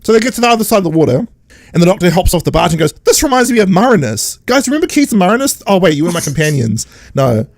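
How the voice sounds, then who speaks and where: A man retells a television episode on a podcast, mocking the characters in put-on voices. His voice sits fairly high and the recording is dry and close, with no room sound. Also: racing, gravelly, dry recording. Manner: sarcastic, animated retelling with mocking quoted voices. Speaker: podcast co-host. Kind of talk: casual podcast chat, recapping an episode.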